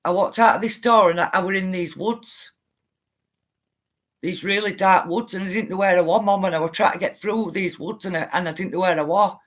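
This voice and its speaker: A middle-aged woman livestreams on spiritual topics, insistently telling emotional stories straight to her viewers. Her voice is lowish and steady, and she speaks briskly.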